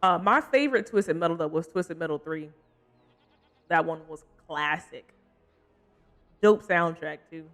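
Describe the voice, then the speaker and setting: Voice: medium pitch, unhurried, pauses often, a bit bright, soft background music. Young streamer yapping casually while gaming, laughs a lot, talks to chat. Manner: chatty and rambling, laughs often, answers chat. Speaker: livestreamer. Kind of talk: casual gameplay commentary.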